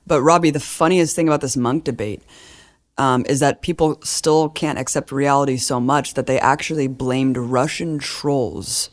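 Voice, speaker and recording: A woman's voice: extremely low pitch, steady tone, moderate pace. A woman co-hosting a political podcast, casual and sarcastic, slipping into mocking voices when she quotes people. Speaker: podcast co-host.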